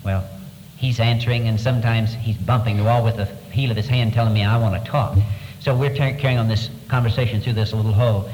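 A man with a somewhat low voice tells a story in an earnest, measured way. He pauses often as he speaks. The recording has a long, echoing reverb and clear background noise. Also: steady tone, a little mellow. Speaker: speaker recounting wartime captivity. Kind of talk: storytelling talk. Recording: echoey hall with background noise.

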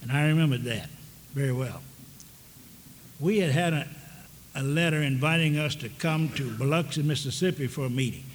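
Older man telling stories from the pulpit. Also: medium pitch. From American South. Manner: folksy, halting with many restarts. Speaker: preacher. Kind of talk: storytelling sermon. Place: large church hall with audience. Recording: long reverb of a big hall, faint background noise.

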